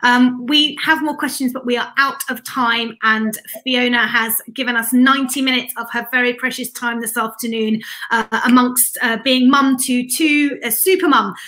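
A woman's voice: a little high, fairly even intonation, normal speed, hardly any pauses, bright, forceful tone. A woman hosting a live-stream Q&A over a video call, enthusiastic and effusive as she reads out viewer questions and thanks.

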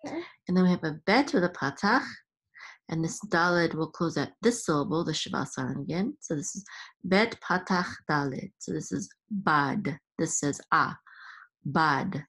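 A woman teaching Hebrew reading in a patient lesson, sounding out syllables slowly and chanting the accent marks. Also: deep voice, lively intonation, a bit bright, husky.

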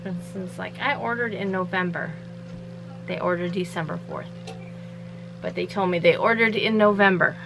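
A woman's voice: on the low side, normal speed, vocal fry, long pauses, over music, poor audio. A woman chatting casually from home in a rambling vlog, laughing often. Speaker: vlogger running a shirt business.

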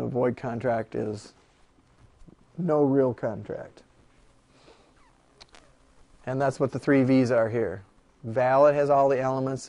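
A man lecturing a classroom on law, animated and jokey, firing rhetorical questions at his students. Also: medium pitch.

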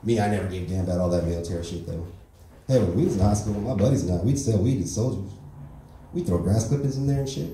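A man's voice: on the low side, fast, dark tone, a little hiss or hum. A man with a Texan accent doing a crude, brash, swaggering stand-up set. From Texas. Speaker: stand-up comedian. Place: comedy club stage. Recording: echoey room from far off.

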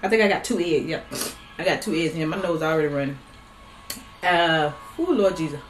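A low-voiced woman chats easygoingly to her viewers between bites of food, humming as she chews. The sound comes from a laptop mic in a roomy, echoing space with a faint hiss underneath. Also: fairly quick. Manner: chatty, talks while eating, hums between bites. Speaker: vlogger. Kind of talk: casual eating vlog chat. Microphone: laptop built-in mic. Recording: roomy laptop recording with faint background noise.

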